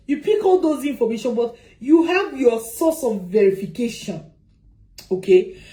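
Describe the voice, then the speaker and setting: Woman, consultant giving advice, lively swooping pitch, mellow dark tone, rhetorical questions. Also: poor audio. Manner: animated, repeats points, asks rhetorical questions. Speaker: migration consultant. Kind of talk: advice talk to camera.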